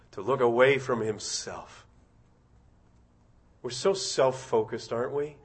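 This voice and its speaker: A man preaching a sermon, asking his congregation direct questions and swelling into loud, impassioned passages. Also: slow, slightly rough. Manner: rising to loud, high-pitched impassioned preaching.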